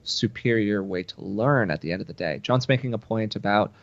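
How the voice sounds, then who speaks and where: A man's voice: lowish voice, brisk, muffled recording. A man co-hosting a casual talk show, explaining his views thoughtfully with frequent restarts. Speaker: co-host. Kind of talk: casual podcast chat.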